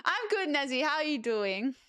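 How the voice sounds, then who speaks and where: A young Australian woman chatting casually with viewers as a streamer, lively with animated asides. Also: sits high, normal speed, dry recording, studio quality. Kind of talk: casual chat reading viewer messages.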